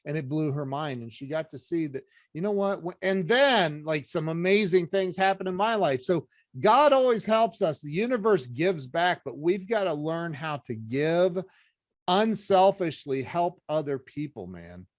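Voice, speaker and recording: A middle-aged man, a podcast guest, telling a story in an animated, earnest way. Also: on the high side, moderate pace, dry recording, clean studio sound. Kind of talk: casual storytelling chat.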